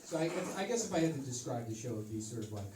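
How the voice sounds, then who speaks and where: A man in his thirties doing a stand-up comedy set in a rambling deadpan, now and then breaking into loud shouts. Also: mid-range voice, fast talker, heavy background noise. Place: comedy club stage with a live audience. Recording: roomy, distant audience recording with laughter.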